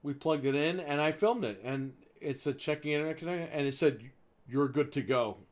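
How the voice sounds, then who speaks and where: Guy ranting a story on a gaming show, kinda high voice, swears a lot, does everyone's voices. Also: fairly quick. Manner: animated, swears freely, acts out voices in anecdotes. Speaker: co-host. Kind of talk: casual storytelling chat.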